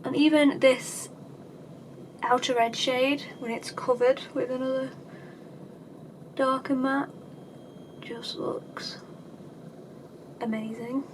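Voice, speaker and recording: A woman chatting casually through a makeup tutorial, self-deprecating and dryly sarcastic, with her voice sometimes dropping low. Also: steady tone, unhurried, pauses often, noisy background. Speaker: beauty vlogger.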